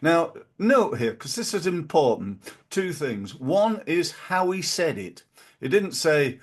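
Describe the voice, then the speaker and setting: A middle-aged man, hosting a podcast in a casual motivational monologue and jumping his pitch up to stress key phrases. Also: slow. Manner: animated, punches quoted catchphrases with big pitch jumps. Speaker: podcast host.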